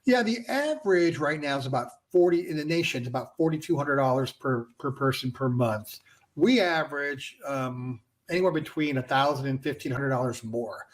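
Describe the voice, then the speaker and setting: A man, a franchise founder and guest, explaining his business in a casual interview and filling pauses with "you know". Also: mid-range voice, lively intonation. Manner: conversational, filler-heavy with frequent "you know".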